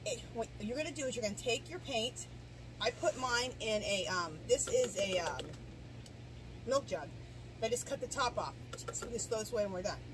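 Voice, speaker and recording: With hiccups and a cough, this middle-aged garden vlogger chats her way through an outdoor DIY lesson, the camera resting some way off amid background noise. Her high-leaning voice has lively intonation at a normal pace, and she rambles with many restarts and asides.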